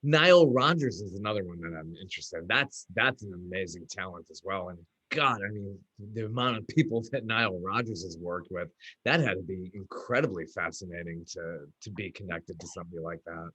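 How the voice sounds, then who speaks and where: A male podcast host with a very deep, husky voice chats with open enthusiasm, pausing on fillers as he gathers his thoughts. The sound is dry and close. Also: pushed and bright, dry recording, rough recording. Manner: enthusiastic, admiring, halting with fillers. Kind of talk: casual interview chat.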